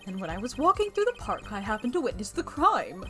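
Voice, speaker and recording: A woman's voice: on the high side, big pitch swings, a little fast, pushed and bright, faint music behind. A woman putting on a shifty male witness. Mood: defensive. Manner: put-on voice she calls not good.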